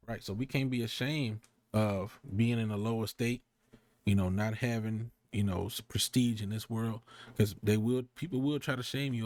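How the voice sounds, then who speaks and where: A man giving a casual, slangy and profane sermon, rambling between asides and slow, deliberate scripture readings. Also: medium pitch, a little mellow. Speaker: street preacher.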